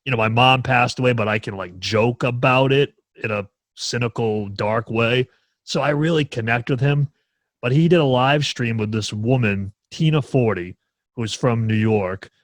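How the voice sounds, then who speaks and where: A man's voice: medium pitch, normal speed, no room sound. A man from New Hampshire hosting a podcast, chatting casually and ranting with plenty of swearing. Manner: profane, animated ranting. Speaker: podcast host.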